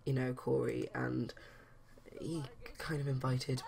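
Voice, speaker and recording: A woman's voice: very deep voice, little pitch movement, takes it slowly, vocal fry, warm tone, exaggerated voice. A woman voicing a flustered young woman Sim who is upset after a date, speaking in a breathless rush.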